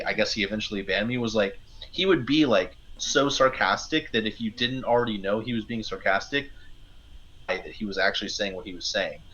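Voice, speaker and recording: A man's voice: lowish voice, sharp tone, muffled recording. A man who is a guest on a casual live-stream chat, speaking hesitantly and conversationally. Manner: hesitant, many fillers and restarts, conversational.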